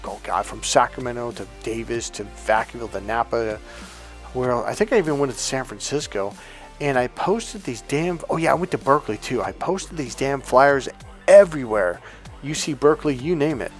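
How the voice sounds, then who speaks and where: A man with a middle-pitched voice tells a personal story in a relaxed, rambling way. He swears casually and often stops to correct himself. A faint music bed sits quietly under his voice. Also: normal speed. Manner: rambling, self-correcting, swears casually, acts out past dialogue. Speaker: dating and relationship coach.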